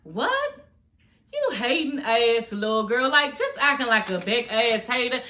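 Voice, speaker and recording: A woman's voice: fairly high pitch, sing-song, measured pace, sharp tone. A woman giving a casual TV show review on her vlog, blunt and profane, chatting straight to her viewers as y'all.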